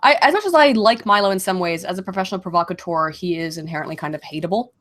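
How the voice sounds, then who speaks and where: A woman casually chatting on a livestream Q&A, getting over a cold and clearing her throat, laughing often and swearing freely. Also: on the low side, fast talker, fairly bright tone. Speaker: streamer answering viewer questions.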